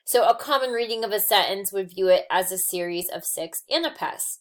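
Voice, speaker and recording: A woman's voice: fairly low pitch, steady tone, normal speed, hardly any pauses. A woman delivers a recorded lecture on poetry, talking through her notes. Her explanations are patient and loose, full of ums and small restarts as she works through each point. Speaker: teacher.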